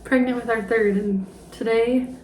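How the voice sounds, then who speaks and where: A young woman in her twenties chats casually about money, her voice a touch high and a little out of breath. She drops in fillers and soft laughs as she goes. The room around her rings with echo. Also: fairly even intonation, a little slow, slight background noise. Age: 20s. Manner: chatty, with light laughs and fillers. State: slightly out of breath. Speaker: personal finance vlogger. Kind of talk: casual talk to camera.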